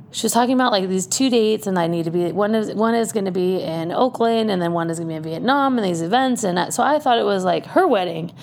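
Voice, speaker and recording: A woman telling a personal story in a loose, chatty way, often breaking into laughter as she goes. Her voice has a gravelly vocal fry, and a faint low rumble sits underneath. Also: darkish tone.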